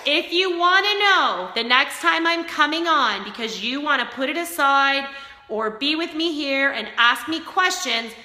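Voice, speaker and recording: A high-pitched woman with a bright voice gives fitness viewers an energetic pep talk. She speaks directly to the people watching her live stream. The room is echoey, with a long reverb trailing each line. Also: unhurried. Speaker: fitness coach.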